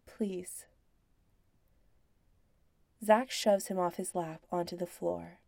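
A woman narrating a scripted story in a slow, hushed, intimate voice that slips into whispers. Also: fairly low pitch, fairly even intonation, vocal fry, no echo, clean studio sound.

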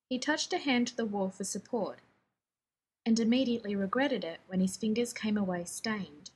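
A woman narrating a fan fiction audiobook in a brisk, wry storytelling manner. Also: mid-range voice, breathy edge. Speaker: reader.

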